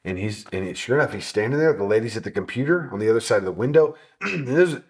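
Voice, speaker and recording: A man telling a travel story in a casual sit-down interview, animated and swearing, acting out what people said. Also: mid-range voice, quick pace. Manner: animated, swearing, acts out quotes. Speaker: motorcycle traveler telling his trip.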